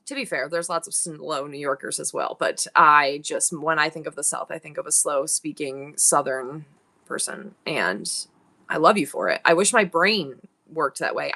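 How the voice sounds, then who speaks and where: A middle-aged woman from upstate New York, chatting quickly and warmly with viewers while running a live online jewelry sale. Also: fairly low pitch. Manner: fast-talking, chatty. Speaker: online auction seller. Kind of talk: live-stream selling chat.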